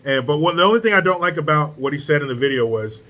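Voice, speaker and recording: A man delivering casual opinion commentary in a blunt, sarcastic way, swearing freely. His voice sits a little high for a man and comes across bright and forceful. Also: animated, quick pace. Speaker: political commentary host.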